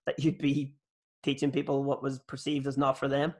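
A man hosting an interview, joking and telling animated stories. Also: mid-range voice, normal speed. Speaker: podcast host. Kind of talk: casual interview chat.

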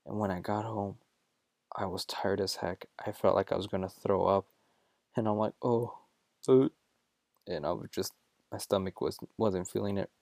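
A young man with a fairly low voice hosts his own show and tells a personal story casually. He jokes, gets animated, and often stops to correct himself. The sound is dry and close, with no room echo. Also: normal speed, creaky. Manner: jokey and animated, with self-corrections. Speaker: show host.

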